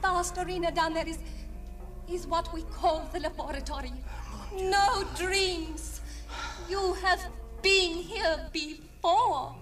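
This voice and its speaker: Young heroine: high, urgent, hushed, distant over music. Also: female voice, takes it slowly, full character voice. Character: brave, urgent young woman guide. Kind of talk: radio drama acting. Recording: distant mic with music under.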